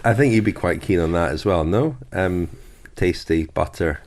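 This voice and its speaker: Deep-voiced man co-hosting a podcast. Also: moderate pace, darkish tone. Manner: chatty, laughs easily, reads sponsor messages. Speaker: podcast co-host. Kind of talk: casual podcast chat.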